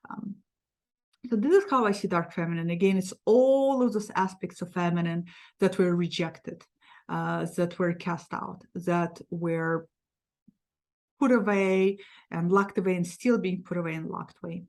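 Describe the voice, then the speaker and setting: A middle-aged woman, a psychologist hosting her own channel, telling a personal story in a frank, animated way with many restarts. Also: fairly low pitch, measured pace. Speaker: psychologist and tarot channel host. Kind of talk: casual sit-down talk to camera.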